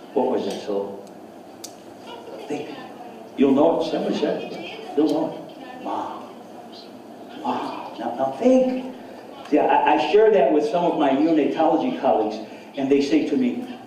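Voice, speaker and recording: A man's voice: on the high side, mellow, slight background noise. A man giving a seminar lecture to an audience, enthusiastic, often repeating words and putting questions to the listeners. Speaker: seminar speaker. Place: seminar hall. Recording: echoey hall, speaker far from mic.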